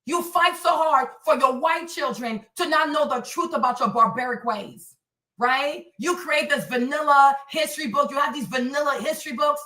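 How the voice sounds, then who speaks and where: High, bright-voiced woman preaching a livestream rant. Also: distant mic. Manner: preachy, repetitive, hammering rhetorical questions; thanks viewers for donations mid-rant. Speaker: livestream host. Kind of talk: heated political commentary livestream. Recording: echoey room, voice away from mic.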